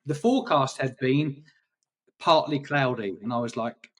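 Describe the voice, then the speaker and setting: A man's voice: medium pitch, a little slow, recorded from a distance. A man chatting in an interview about his photography, rambling and hesitant, with many restarts. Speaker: guest photographer. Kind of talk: casual interview chat.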